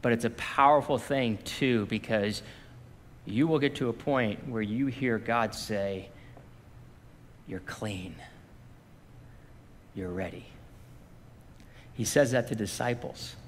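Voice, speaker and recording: A man's voice: mid-range voice, moderate pace, a little hiss or hum. A man preaching a sermon as pastor, talking conversationally and acting out what God and others say. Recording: long hall reverb.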